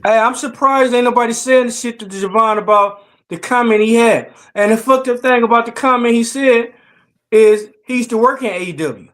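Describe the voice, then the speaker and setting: A man with a high voice for his sex, co-hosting a wrestling review chat. He talks emphatically and in slang. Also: normal speed, fairly bright tone. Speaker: podcast co-host.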